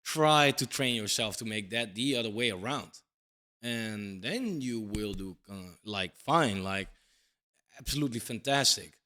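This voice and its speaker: A man's voice: lowish voice, expressive, a little slow, sharp tone. A man in his thirties giving a casual crypto commentary monologue, blunt and emphatic, swearing casually and tagging points with "right?". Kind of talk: casual talking-head monologue.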